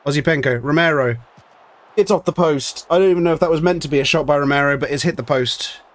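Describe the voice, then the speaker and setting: A man's voice: a little high, fast talker. A man giving ranting, sweary commentary on a football management game, exasperated with his team. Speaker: streamer.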